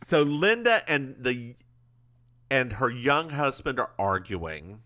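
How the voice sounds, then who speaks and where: Bright, lively man recapping a show. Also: medium pitch. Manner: chatty, animated retelling with quick asides. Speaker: podcast co-host. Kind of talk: casual recap chat.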